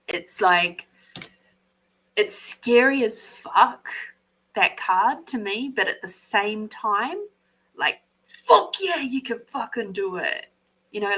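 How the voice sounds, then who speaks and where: An Australian woman hosting a live card reading, animated, swearing freely and laughing often. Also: medium pitch, rough recording. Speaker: intuitive card reader, podcast host.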